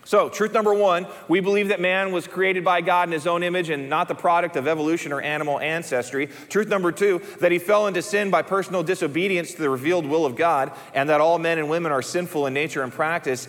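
A male pastor preaching a sermon, dropping to hushed low emphasis and then rising high and excited when he reads dialogue aloud. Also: fast talker, few pauses. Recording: reverberant church hall.

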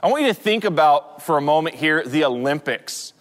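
A man's voice: a little high, lively intonation, fairly quick. A man in his forties preaching a sermon as pastor, telling stories in a conversational way with frequent restarts. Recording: long hall reverb.

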